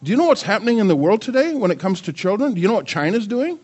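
Animated older man preaching a sermon. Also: high voice, racing, slightly rough, highs cut off. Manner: animated, asks the audience many questions; playful with his grandchildren. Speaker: pastor.

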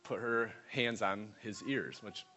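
A man preaching, telling a lively testimony story and acting out the people in it. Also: fairly low pitch, slow pace. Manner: animated storyteller voicing others in quotes.

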